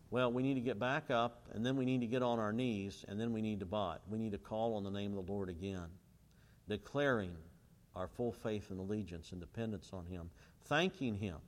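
A male preacher delivering a sermon in an emphatic way, pausing to let listeners fill in the end of his questions. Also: lowish voice. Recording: long hall reverb.

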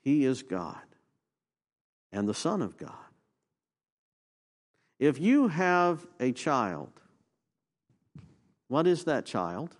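A male pastor preaching a sermon, asking the congregation questions and rising to emphatic peaks before dropping low. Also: sing-song, very slow, long pauses. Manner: call-and-response questions, emphatic rises and low drops.

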